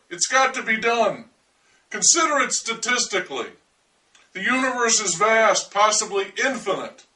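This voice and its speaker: A man's voice: high-pitched, pushed and bright, distant mic, heavily acted, poor audio. Man playing a wry, eccentric alien-listener. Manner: wry, confiding, deliberate monologue to the listener. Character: earnest eccentric man devoted to hearing aliens.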